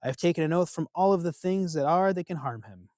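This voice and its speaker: Man doing a proud goddess mom, sure of herself, a bit higher, dry close sound. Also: fast, a little mellow, dry recording, natural voice. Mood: assured. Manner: assured, reassuring. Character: proud, confident mother goddess.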